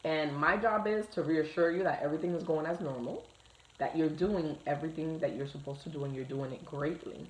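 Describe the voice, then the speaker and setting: Chatty low-voiced woman in an echoey room. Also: a little fast. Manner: chatty, storytelling with many likes and restarts. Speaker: doula. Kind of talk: casual talk to camera.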